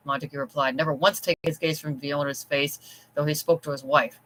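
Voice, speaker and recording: Author narrating own gothic novella, bright tone, steady delivery. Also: mid-range voice, a little fast, poor audio. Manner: steady storytelling. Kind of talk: scripted audiobook narration.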